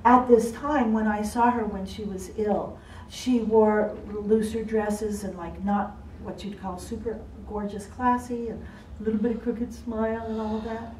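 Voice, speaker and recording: A woman presenting a live seminar to court reporters, talking in a lively, playful way and acting out the people she describes. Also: medium pitch, unhurried, slight background noise. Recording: echoey room, voice from far off.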